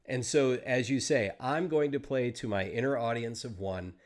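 Man hosting a relaxed interview podcast. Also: medium pitch, normal speed. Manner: thoughtful, explains at length. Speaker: podcast host. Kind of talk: casual interview chat.

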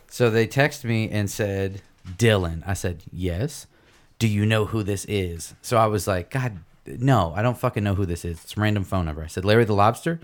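Low-voiced man telling a profane story. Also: moderate pace. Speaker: podcast co-host. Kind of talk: casual storytelling chat.

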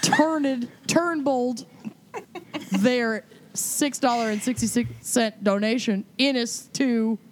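A woman co-hosting a casual podcast, reading shout-outs with puns and frequent laughter. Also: on the high side, takes it slowly, slight background noise. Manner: playful, punning, laughs often. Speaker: podcast co-host.

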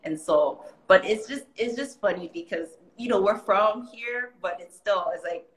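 In a casual chat, a young Hawaiian guest with a Hawaiian accent and a mid-range voice tells animated stories at a normal speed. She laughs a lot and keeps slipping into pidgin voices, all captured with a roomy echo.

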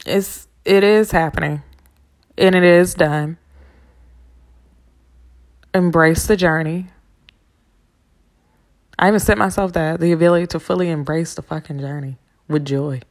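A woman with a low, gravelly voice talks straight into her podcast mic. She rambles in a loose, casual way, swearing freely while urging her listeners on. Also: a little slow, pauses often. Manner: rambling, profane and encouraging. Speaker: podcast host. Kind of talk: casual motivational monologue. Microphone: podcast microphone.

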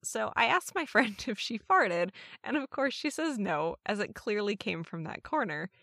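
A woman's voice: mid-range voice, big pitch swings, normal speed, gravelly, bright, forceful tone, no echo, studio quality. A woman co-hosting a podcast, chatting and reading listener stories with wry, amused emphasis. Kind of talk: casual podcast chat and story reading.

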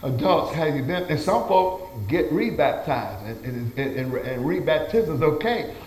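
A man's voice: fairly high pitch, very animated, unhurried, darkish tone, faint music behind. A male pastor preaching a sermon, calling out amen after amen, with folksy phrasing and stammered restarts. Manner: call-and-response preaching, frequent amens. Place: church sanctuary. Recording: echoey church room.

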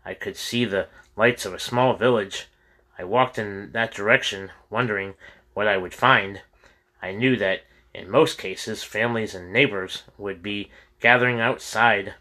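A man with a lowish, bright, forward voice reads a first-person memoir aloud. His delivery is plain and unpolished, with the odd slip he stops to correct. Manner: plain reading with occasional slips and self-corrections. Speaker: audiobook reader.

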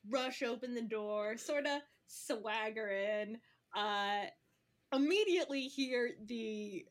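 A woman narrates a tabletop role-play scene as game master. Her voice sits a little high, and her talk is halting and chatty, broken by frequent laughs.

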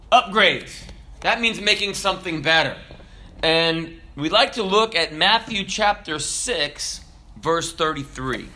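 Guy pastor preaching, bright voice sitting a bit high, slow emphatic delivery with jokes. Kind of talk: sermon.

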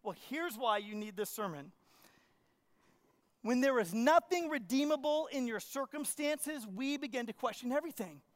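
Male pastor, high tenor, animated storyteller who preaches straight to his congregation. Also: moderate pace. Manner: animated storytelling, acts out his own panic; asks the congregation questions. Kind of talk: sermon. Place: church.

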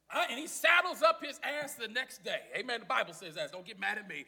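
A man's voice: very high voice, animated, fairly quick, gravelly, hardly any pauses, pushed and bright. A man preaching a sermon, telling the story in a folksy way and calling out to the congregation for responses.

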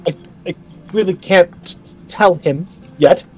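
Here a man does a high-pitched elf woman who fusses and stammers. She is motherly, keeps squirrels about her, and falters whenever she is asked hard questions, as in a tabletop game. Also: measured pace. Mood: flustered. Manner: hesitant, stammering.

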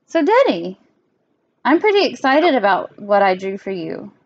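A woman's voice: mid-range voice, sing-song, moderate pace, a little mellow, dull audio. A young woman, hosting a casual podcast chat with her father, giggly and full of fillers. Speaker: podcast host.

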